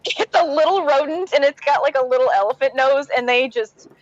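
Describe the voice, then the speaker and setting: A woman chats casually as a podcast guest, her voice a little high. She peppers her speech with "like". The recording is dry and slightly dull. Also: brisk, no echo. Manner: chatty, uses many "like" fillers.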